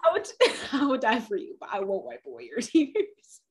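A woman's voice: a little high, sing-song, normal speed. A woman co-hosting a podcast in casual chat, effusive and laughing often. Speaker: podcast co-host.

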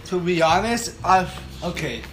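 A man's voice: high-pitched, expressive, a little slow, music in the background. A young man hosting crude casual chat, laughing often and rambling, losing his train of thought. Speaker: host. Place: home room.

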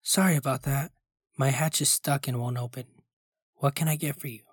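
Man doing a folksy ice cream truck driver, coaxing, flat mid-pitched voice, dry close sound. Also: normal speed, breathy edge, no echo, natural voice.

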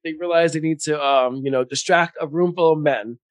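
Animated young man retelling scenes. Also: a little high, fairly quick, no echo. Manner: animated storyteller, acts out quotes. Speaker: podcast co-host. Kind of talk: casual movie recap chat.

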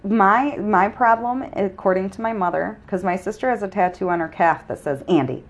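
A woman co-hosting a casual true-crime podcast, telling stories in a joking, animated way and swearing freely. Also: medium pitch, normal speed. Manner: profane, joking, animated storytelling. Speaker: podcast co-host.

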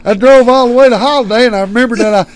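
A man acting out his foul-mouthed buddy, who talks in a loud, breathless rush full of curses. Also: extremely high pitch, fast, a little hiss or hum, pitched above the performer's own voice. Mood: frantic. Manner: loud, cursing, breathless retelling. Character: rowdy foul-mouthed male buddy, frantic and excitable.

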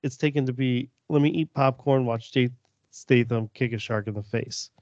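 A man's voice: medium pitch, moderate pace, a little mellow, dry recording. A man co-hosting a casual podcast chat, joking and playfully argumentative. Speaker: podcast co-host. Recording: dull dry sound.

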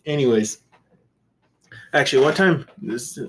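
A man's voice: medium pitch, lively intonation, unhurried, slight background noise. A man guest-hosting a podcast, telling rambling, profane anecdotes in casual chat, with restarts and laughter.

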